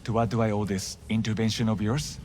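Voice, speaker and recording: Man voicing a monk, grave, formal, pious, lowish voice, game dialogue, loud music underneath. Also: steady tone, natural voice. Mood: solemn. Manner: formal, measured, no contractions.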